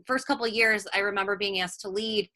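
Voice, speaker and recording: Bright-voiced earnest woman. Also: mid-range voice, fairly even intonation, brisk. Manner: earnest, reflective. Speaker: podcast guest. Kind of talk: casual recovery podcast chat.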